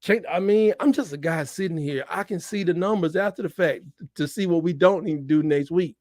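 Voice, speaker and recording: A man giving live, excitable reaction commentary on a football game, swinging between shouts and mutters. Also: high voice, brisk, no echo, studio quality. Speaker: fan watch-along host.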